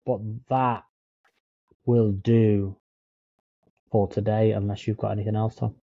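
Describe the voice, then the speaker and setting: A man's voice: lowish voice, flat delivery, a little slow, gravelly, no echo, phone-quality sound. A man co-hosting a casual podcast chat, laid-back, swearing now and then and calling his friend mate. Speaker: podcast co-host. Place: in Dublin, remote call.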